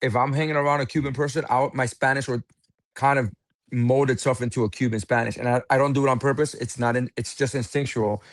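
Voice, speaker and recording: Give me a blunt, matter-of-fact man in a casual podcast chat, middle-pitched and recorded dry. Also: fairly even intonation, fast talker, dry recording. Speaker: podcast co-host.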